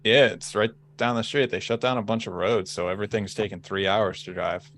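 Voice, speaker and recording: A man's voice: lowish voice, steady tone, brisk, a bit bright. A man with a Boston accent co-hosting a podcast, patiently explaining things in casual chat. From Boston, United States. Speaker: podcast co-host.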